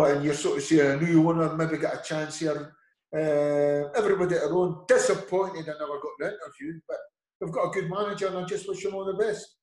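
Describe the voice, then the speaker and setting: A man's voice: on the high side, a little mellow. A middle-aged Scottish man with an Edinburgh accent, speaking in a slightly raised voice. He rambles through casual stories and slips into the voices of the people he quotes. The recording has an echoey room sound. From Scotland. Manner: rambling storyteller acting out quoted dialogue. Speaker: football manager, guest. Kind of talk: casual interview anecdotes.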